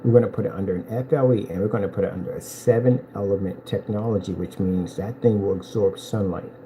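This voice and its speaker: A man selling projector screens in a boastful, taunting vlog rant, telling animated stories with big swings in pitch. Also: fast, a little hiss or hum, poor audio. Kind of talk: ranting promotional vlog.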